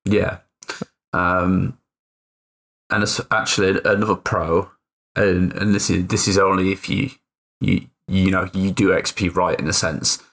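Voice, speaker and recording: A man with a very deep voice and a sharp, forceful edge to it, chatting on a gaming podcast. He hesitates a lot and circles back on himself mid-sentence. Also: little pitch movement, a little slow, gravelly. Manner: hesitant, many fillers and restarts, swears casually. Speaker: podcast co-host and player. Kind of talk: casual podcast chat.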